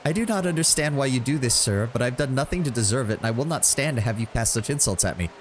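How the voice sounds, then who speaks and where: A man's voice: medium pitch, animated, fast talker, a little hiss or hum, close to an everyday voice. A man reading out a game's lines as a proud, dignified female elf. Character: proud, calm female elf defending her people.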